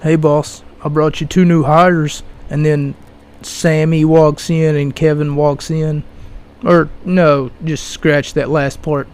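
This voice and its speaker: A young man hosts his own podcast alone, ranting in a mocking tone with sudden loud bursts of passion. He talks at a slow, drawn-out pace in a fairly high voice. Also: level tone, smooth. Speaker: podcast host. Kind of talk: solo podcast rant.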